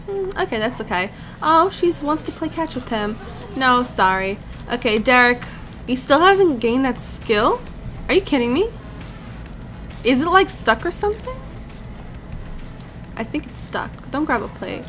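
A young woman giving casual commentary over a life-sim game, chatty and easily excited, talking to the characters on screen. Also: sits high, a little slow, pauses often, soft background music. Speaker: let's play commentator.

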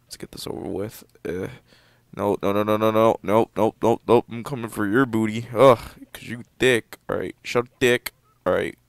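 A teenage boy casually commenting on a game he plays, given to sudden loud excited outbursts. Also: normal speed, gravelly, no room sound. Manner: excitable, jumps into loud high-pitched outbursts. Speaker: gameplay commentator. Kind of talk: casual let's-play commentary.

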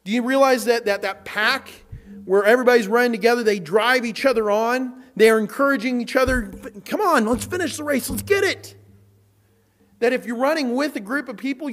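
A man preaching a sermon in a church as the pastor, animated, acting out quotes and repeating words as he goes. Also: very high voice, quick pace.

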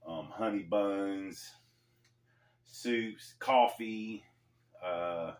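A man hosting a casual storytelling vlog, talking in a laid-back, slangy way with pauses. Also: fairly low pitch. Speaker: storyteller host. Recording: echoey room, mic far off.

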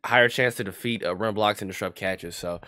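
A young man with a fairly low voice talks over his football video game, reading ratings and reacting to plays. He trash-talks and breaks into loud high yells when things get heated. His headset mic sounds close and dry. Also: a little fast, no room sound. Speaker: gaming YouTuber. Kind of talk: live gameplay commentary.

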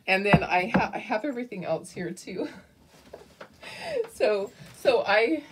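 A woman's voice: medium pitch, animated, measured pace, a little hiss or hum. A middle-aged woman hosting a crafting livestream, chatting casually and affectionately with viewers and greeting them by name.

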